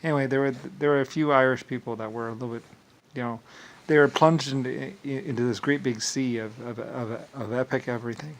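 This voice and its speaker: A man's voice: medium pitch, steady tone, a little fast, a little hiss or hum. A man vlogging in a rambling casual monologue, full of filler words and repeated words, with dismissive shrugging asides.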